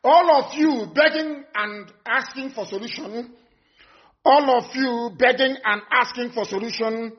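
An activist broadcaster with a notably high voice gives a live broadcast address at a measured pace. He is stern and repetitive, driving his warnings home and sometimes breaking into shouts, and the audio is dull and lo-fi.

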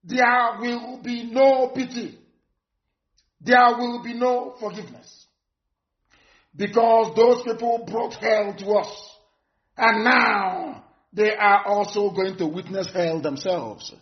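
A man giving a live broadcast address, delivering stern, repeated warnings that sometimes rise to shouts. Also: high-pitched, slow. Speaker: activist broadcaster. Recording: dull lo-fi broadcast audio.

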